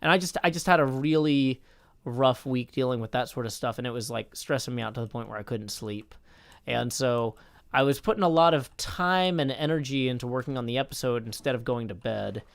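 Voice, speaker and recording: A man's voice: mid-range voice, fairly quick, gravelly, smooth, no room sound. A tired man chatting casually on a live stream, rambling and correcting himself as he reads out chat. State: tired from little sleep.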